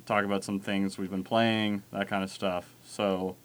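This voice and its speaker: A man's voice: on the low side, little pitch movement, unhurried, a bit bright. A man co-hosting a casual gaming chat on college radio, joking and rambling. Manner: joking, rambling, restarts and laughs. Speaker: podcast co-host. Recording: college radio studio mic.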